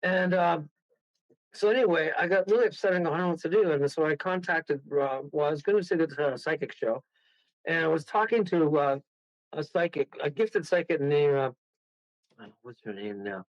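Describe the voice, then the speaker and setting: Man, radio guest, slightly high voice, rambling excited storytelling, laughs, dull dry lo-fi sound. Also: normal speed, dry recording. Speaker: guest medium. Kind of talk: casual storytelling on a radio show.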